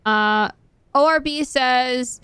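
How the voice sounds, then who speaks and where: A woman with a somewhat high voice, chatting away as she streams a game. She thinks out loud and pokes fun at her own mistakes in an easy, offhand way. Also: slow pace, clear, resonant tone, dry recording. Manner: chatty, self-mocking, thinks aloud. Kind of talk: casual gaming stream chat.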